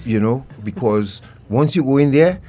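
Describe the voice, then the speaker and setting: A man's voice: mid-range voice, animated, normal speed, dark tone, a little hiss or hum. A man hosting an interview, often affirming his guests and prompting them with questions. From Trinidad and Tobago. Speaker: show host.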